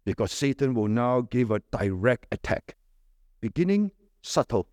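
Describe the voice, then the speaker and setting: A man preaching a sermon, emphatic, with rhetorical questions and sharp swings between raised stresses and low dropped endings. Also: sing-song, moderate pace, no room sound, clean studio sound.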